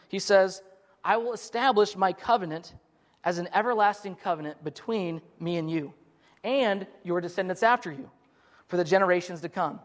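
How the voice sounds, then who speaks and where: A man preaching a sermon, earnest and explanatory, getting emphatic and often restarting his sentences. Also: high-pitched. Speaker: pastor. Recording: long reverb of a large hall.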